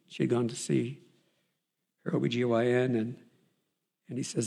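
Older man, gravelly and husky, earnest testimony speaker with a warm, mellow tone. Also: mid-range voice, flat delivery. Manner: earnest, halting storytelling with restarts. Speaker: speaker giving a Christian testimony. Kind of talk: reading a letter aloud, then telling a personal story.

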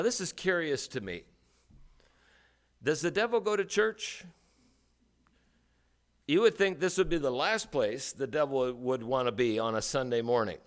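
A man preaching a sermon as a pastor, emphatic, with rhetorical questions and dramatic pauses. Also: medium pitch.

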